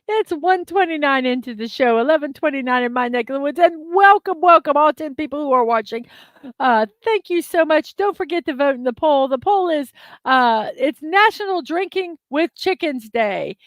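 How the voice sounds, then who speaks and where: A woman's voice: sits high, lively intonation, moderate pace, no echo. A woman hosting a daily morning livestream, chatting casually and giggling as she talks to viewers in the chat. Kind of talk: casual live-stream chat.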